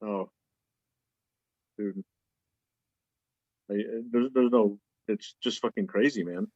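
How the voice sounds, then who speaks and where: A man's voice: lowish voice, slow pace, darkish tone, no room sound, lo-fi sound. A man in his forties, a podcast guest talking bluntly and emphatically, with frequent swearing. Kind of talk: casual chat.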